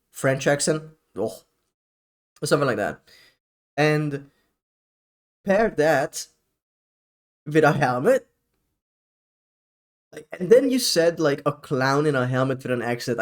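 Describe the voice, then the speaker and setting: A man's voice: on the high side, lively intonation, measured pace, pauses often. A man streaming live, chatting casually in a rambling, profane way with frequent laughs.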